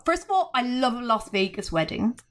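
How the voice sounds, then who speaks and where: Woman, Australian accent, podcast host, playful gushing chat, fairly high pitch. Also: very animated, a bit bright. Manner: gushing, playful, quick asides. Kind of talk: casual chat.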